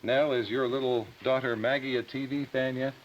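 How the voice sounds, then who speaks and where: A man hosting a television panel show, making brisk, friendly introductions. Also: mid-range voice, level tone. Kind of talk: broadcast hosting. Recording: dull 1961 TV broadcast with hiss.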